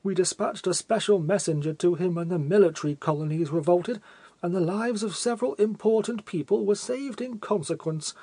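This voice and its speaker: A man putting on a gaunt, pompous old general who bawls his demands in a raised, high voice. He is self-important and insistent, a storybook figure. The recording is dry and close. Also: normal speed, warm tone, breathy edge, no room sound.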